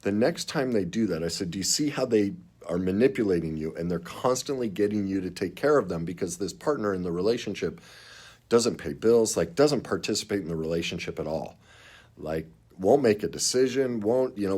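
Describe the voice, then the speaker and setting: Low-voiced man giving earnest relationship advice. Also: animated, moderate pace, darkish tone. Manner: earnest, emphatic, acts out clients in quotes. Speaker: relationship coach. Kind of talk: direct advice to camera.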